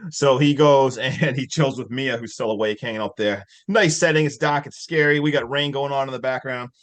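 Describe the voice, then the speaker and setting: A man hosting a podcast, retelling a film plot in a loose, excitable way and swearing casually. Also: medium pitch, fairly quick. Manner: excitable storytelling, loose and profane. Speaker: podcast host. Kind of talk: casual movie recap.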